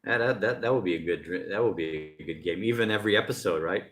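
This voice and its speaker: A man's voice: sits low, fast, a bit bright. Male stream host, casual and jokey, rambles between chat messages, recorded outdoors. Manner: loose, rambling and jokey, often laughing. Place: outdoors by the ocean.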